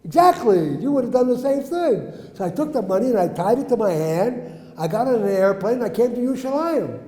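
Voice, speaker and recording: A man telling his life story to a live audience, asking them questions and acting out the quotes loudly. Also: extremely high pitch, big pitch swings, fairly quick. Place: hall with an audience. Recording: echoey hall.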